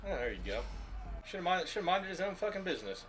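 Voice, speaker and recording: A man co-hosting a reaction video who makes quick, relaxed comments and sometimes shouts. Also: high voice.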